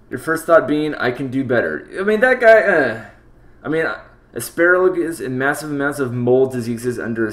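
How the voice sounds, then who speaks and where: A man live-streaming a game playthrough, reading the text aloud and joking about it between lines, talking to his chat. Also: medium pitch. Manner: talks to chat. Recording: roomy echo with faint game music. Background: game music.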